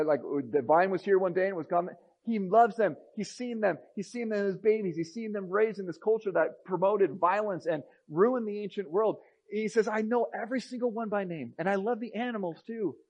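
A man preaching a sermon, reading scripture aloud and swinging between a near hush and raised emphasis. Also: high-pitched, muffled recording. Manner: expressive, rising and dropping to a near hush.

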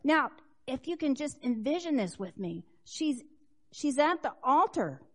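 High, lively woman preaching a sermon. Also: measured pace. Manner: expressive storytelling, swings between loud emphasis and hushed asides.

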